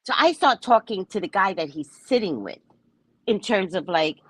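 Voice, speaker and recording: Animated storytelling woman, breathy voice. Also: medium pitch, normal speed, dry recording. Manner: animated, dramatic retelling with swings between loud and soft. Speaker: spiritual reader and show host. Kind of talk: casual storytelling.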